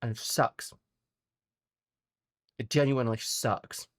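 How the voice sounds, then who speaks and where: A woman streamer chatting casually with her viewers from home, rambling, animated and sweary. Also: extremely low pitch, slow pace, dry recording, clean studio sound. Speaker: VTuber streamer. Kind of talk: casual chat with live chat viewers.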